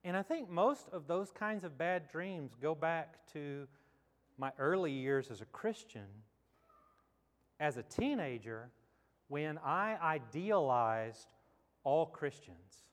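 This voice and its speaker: A man's voice: fairly high pitch, lively intonation, slow. A man pastor giving a sermon, telling a story in a conversational, reflective way. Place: church sanctuary. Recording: long church hall reverb.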